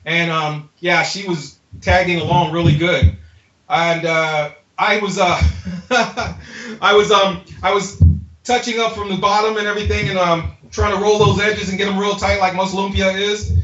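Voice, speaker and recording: Guy doing stand-up in his garage, kinda high voice, roomy echo, chatty jokey delivery. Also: flat delivery, moderate pace, sharp tone. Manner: chatty, playful, self-mocking punchlines. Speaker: stand-up comedian. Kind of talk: stand-up comedy set. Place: home garage with people standing around. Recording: echoey garage, lo-fi live stream audio.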